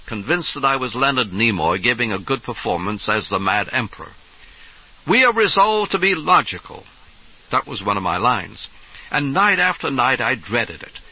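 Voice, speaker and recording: A man reading a memoir aloud as an audiobook narrator, reflective and first-person, on a dull lo-fi 1970s tape. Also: medium pitch.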